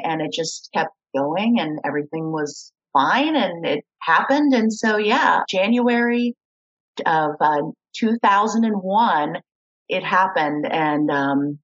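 Middle-aged woman guest, breathy tone, animated storyteller who voices the people she quotes; muffled lo-fi sound. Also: sits low. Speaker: guest, kidney donor. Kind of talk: storytelling interview.

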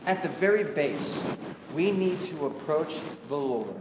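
Expressive and fairly high-pitched, a man preaches at a measured pace. As a pastor, he keeps his sermon conversational and confessional, asking the congregation rhetorical questions, while the echoey hall carries background noise.

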